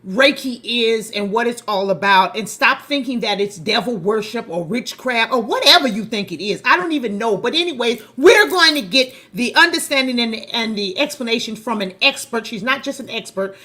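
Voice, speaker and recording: A woman hosting a podcast in casual chat, animated and emphatic, talking up her guest with bursts of excitement. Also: a little high, normal speed, few pauses. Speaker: podcast host.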